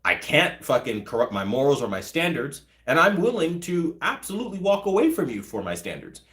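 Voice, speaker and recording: A man's voice: on the high side, very animated, a little fast, fairly bright tone. A man in his thirties hosting a live chat, answering viewers' comments in a blunt, profane, ranting way. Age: 30s. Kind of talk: casual livestream chat.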